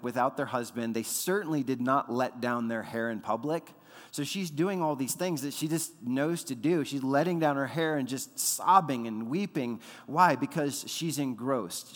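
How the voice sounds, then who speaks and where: A pastor in his thirties preaches in a relaxed, conversational way, repeating words and dropping in fillers as he goes. His voice sits at an ordinary pitch for a man. It rings out with a long reverb, as if from a large church hall. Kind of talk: sermon.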